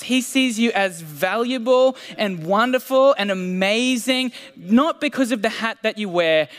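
A man's voice: high-pitched, fairly bright tone. A man preaching a sermon in a casual, self-deprecating way, with fillers and restarts. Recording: long hall reverb.

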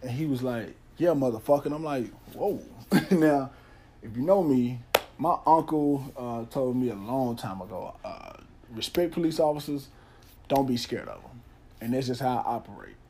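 Guy podcasting, telling a story, mellow warm voice, swears a lot, faint hiss behind. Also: mid-range voice, expressive, normal speed. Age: adult, father of a son. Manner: candid, swears freely, repeats himself. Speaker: podcast host. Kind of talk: casual storytelling. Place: Nashville area.

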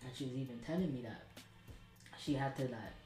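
A man's voice: mid-range voice, a little fast, dark tone, reverberant, faint music behind, low-quality recording. A man, hosting a podcast and telling a candid story, rambling with lots of slang and restarts.

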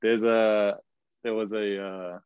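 A young man in his twenties with a New Zealand accent, telling stories as a guest in a casual interview, chatty and quick to laugh, heard over a video call. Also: lowish voice, little pitch movement, a little mellow, clean tone, no echo. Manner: chatty, laughs often, many fillers and restarts. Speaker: guest, professional footballer. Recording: dull lo-fi video call audio.

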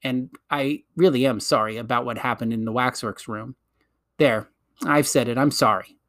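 A man's voice: medium pitch, normal speed, a bit bright, natural voice. A man reading aloud, voicing a flustered young English boy who stammers and pleads.

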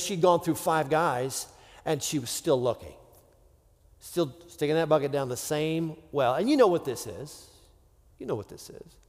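The sermon comes from a man whose voice is on the high side and somewhat dark. Talking to his congregation conversationally, this pastor slips into near-whispers and plays out imagined characters, with long hall reverb around him.

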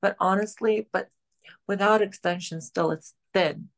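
A woman's voice: mid-range voice, steady tone, measured pace. A woman, a podcast guest chatting casually and rambling with lots of fillers. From country of Georgia. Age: late 20s. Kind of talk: casual chat.

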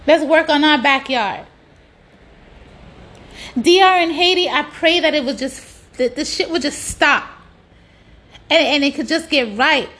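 A woman's voice: high voice, fairly bright tone. A woman delivering a blunt, profane ranting monologue, hammering points with repetition. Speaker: social media commentator.

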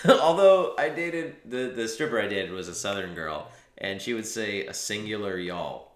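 A man's voice: on the low side, lively intonation, measured pace. A man co-hosting a podcast, telling crude jokes and stories in a casual chat, a few beers in. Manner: crude joking storyteller, laughs often. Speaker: podcast co-host. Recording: echoey room.

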